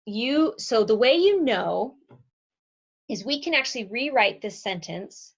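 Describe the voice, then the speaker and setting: A woman's voice: a little high, lively intonation, measured pace, vocal fry. A woman teaching a grammar lesson on video in a chatty way, stopping to correct her own slips. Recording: slightly dull lo-fi recording.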